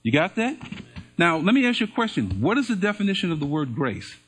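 A man's voice: high-pitched, big pitch swings, fairly quick, fairly bright tone, faint music behind. A man preaching to a church congregation in a sermon, drawing them into call-and-response by having them repeat phrases and answer his questions. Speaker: pastor.

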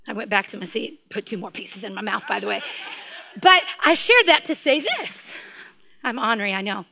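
A middle-aged woman, preaching a sermon and telling a personal story in an animated way, laughing often and swinging from hushed to loud. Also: medium pitch, normal speed, gravelly. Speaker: guest preacher.

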